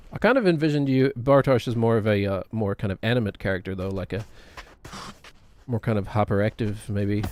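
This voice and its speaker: A male streamer in loose, rambling chat who mocks himself and breaks into laughter often. His voice is a middle pitch for a man. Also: a little mellow. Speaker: game streamer. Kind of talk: casual live-stream chat.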